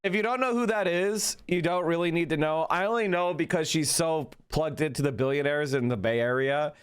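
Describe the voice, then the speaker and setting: Rambling man with a smooth voice. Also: a little high, a little fast. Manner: rambling, hesitant, many fillers. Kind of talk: casual political commentary.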